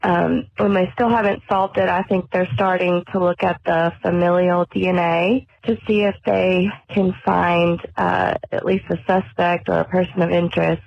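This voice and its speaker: A woman leaves a friendly, informal voicemail for a podcast, her voice gravelly with fry. The phone line is muffled and dry, with no room sound. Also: fairly low pitch, level tone, normal speed, hardly any pauses, no echo. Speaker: caller leaving a voicemail. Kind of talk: voicemail message.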